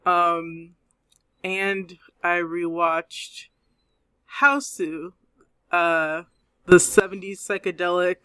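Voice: medium pitch, pushed and bright, dry recording. A podcast co-host in casual chat, speaking hesitantly with fillers. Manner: slow, hesitant.

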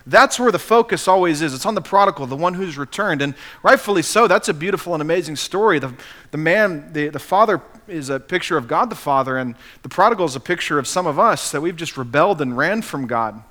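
Male pastor, bright forceful voice, emphatic storyteller. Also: a little high, animated, brisk. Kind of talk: sermon.

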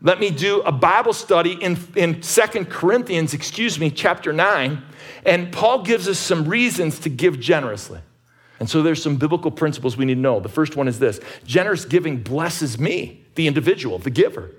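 A man's voice: fairly high pitch, lively intonation, moderate pace, husky. A middle-aged man preaching a sermon as pastor, emphatic and conversational, often repeating words as he restarts.

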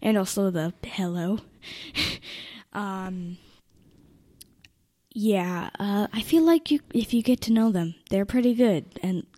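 Slow, giggly teen girl. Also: mid-range voice, dry recording. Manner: giggly, trails into soft near-whispers. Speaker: interviewee, older sibling. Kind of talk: casual family interview.

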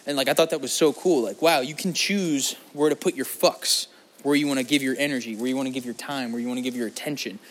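A man's voice: mid-range voice, fairly even intonation, fast talker. A young man hosting a vlog, talking in a rambling, casual monologue with lots of swearing and jokes that wander off topic. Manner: crude, profane and jokey, wandering off topic. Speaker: vlog host.

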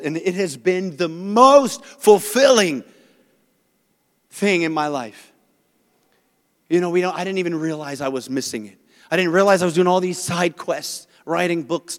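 Guy pastor preaching, high voice, big echoey church hall, acts out the people in his stories. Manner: animated storytelling, acts out the people he quotes. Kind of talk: sermon.

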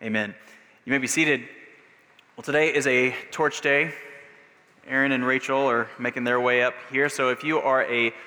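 A pastor preaching a sermon in a relaxed, conversational way, with frequent fillers. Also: male voice, mid-range voice, normal speed. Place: church sanctuary. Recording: long reverb of a church hall.

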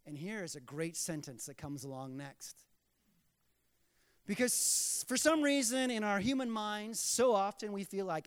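A man delivers a sermon in a church sanctuary, acting out scripture scenes with animated storytelling. His voice sits high. The sound trails off in a long hall reverb. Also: moderate pace, smooth. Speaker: pastor.

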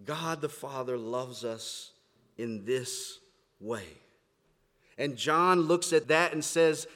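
A man preaching a sermon, moving between quiet, reflective stretches and loud, emphatic declarations. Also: fairly high pitch, takes it slowly, long reverb tail. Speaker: pastor. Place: church sanctuary, standing before a congregation.

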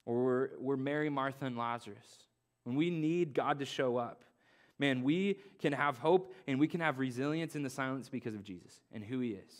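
A man's voice: mid-range voice, normal speed. Young man preaching an earnest sermon. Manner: earnest, repeats key phrases, casual slang. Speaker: pastor.

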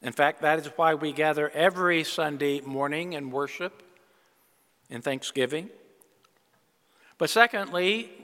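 A man's voice: on the high side, bright, forceful tone, long reverb tail. An older male preacher giving a sermon, opening with jokes and then speaking earnestly about giving and stewardship. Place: church.

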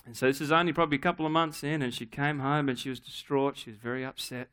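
A middle-aged man preaching a sermon, telling a family story in a relaxed, humorous, conversational way. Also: medium pitch, fast, clean tone. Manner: acts out his daughter's voice in quotes. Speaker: pastor.

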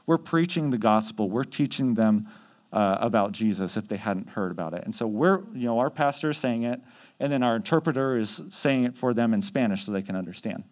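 A youth mission trip leader with a medium-pitched voice casually tells faith stories, chatty and conversational with many fillers.

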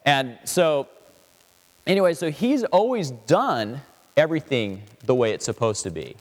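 Male pastor, lively pitch, casual sermon delivery, long hall reverb. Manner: casual, conversational preaching with quick voiced asides.

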